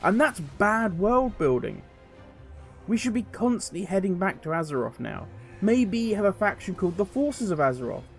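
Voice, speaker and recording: A man giving opinionated video commentary as a gaming commentator, animated and sarcastic. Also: sits high, moderate pace, creaky, faint music behind.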